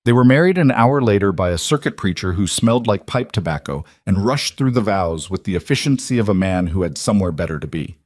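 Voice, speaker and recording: A man narrating a scripted western romance story in an even, steady storytelling manner. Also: on the low side, a little fast, few pauses, no echo, clean studio sound.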